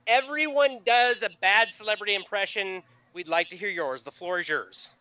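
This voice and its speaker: A man's voice: high-pitched, pushed and bright, no echo, highs cut off. A man hosting a podcast, chatting casually and explaining a quiz game in an upbeat way. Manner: quick, upbeat, explains rules. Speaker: podcast host.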